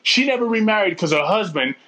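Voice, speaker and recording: A man's voice: sits high, lively intonation, fast talker, sharp tone. A man telling a story in casual chat, slangy and profane, acting out what people said. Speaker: storyteller in a conversation.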